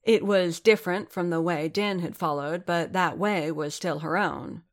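A woman reading a story aloud as narrator, in an even, steady storytelling manner. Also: on the low side, a little slow. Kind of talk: fan fiction reading aloud.

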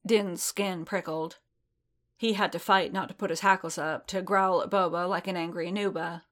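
Low-voiced woman reading a story. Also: fairly even intonation, moderate pace, a bit bright. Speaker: reader. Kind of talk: audiobook narration of fan fiction.

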